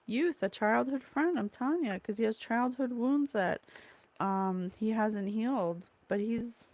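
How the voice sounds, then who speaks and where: A woman who is a psychic medium, speaking at home in a rambling, halting way and blurting out single words she says come from spirit. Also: on the high side, darkish tone. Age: adult, mother of a young child. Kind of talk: solo spirit channeling monologue. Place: at home, in a room with curtains and a candle.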